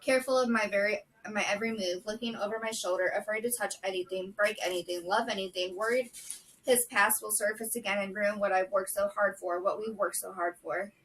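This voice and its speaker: Bright-voiced woman reading a book aloud. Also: medium pitch, distant mic, slight background noise, rough recording. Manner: steady, measured reading with brief casual asides. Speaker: book vlogger. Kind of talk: reading a novel chapter aloud.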